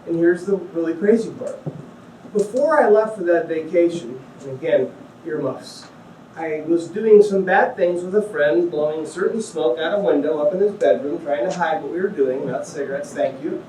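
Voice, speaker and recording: A middle-aged man from Ohio tells his life story to a small gathering, slipping into voices for the people in it and joking along the way. His voice sits a bit high for a man. He sounds set back from the mic in a small room that echoes. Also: normal speed, recorded from a distance, a little hiss or hum. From Ohio, USA. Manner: animated storyteller, acts out quotes, jokey asides. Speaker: guest speaker. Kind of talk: testimony talk to a small audience.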